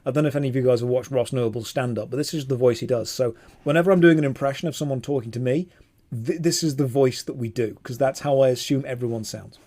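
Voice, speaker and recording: A man streaming a game, chatting casually with viewers in an animated, self-mocking way. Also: medium pitch, fast. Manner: animated, self-mocking, jumps between chat and gameplay. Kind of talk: casual live-stream chat while gaming.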